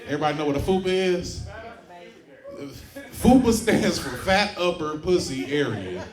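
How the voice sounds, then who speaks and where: A man's voice: on the high side, lively intonation, moderate pace. A man doing a brash, profane stand-up comedy set in a club, often laughing at his own jokes. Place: comedy club stage before a live audience. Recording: roomy club with loud crowd laughter.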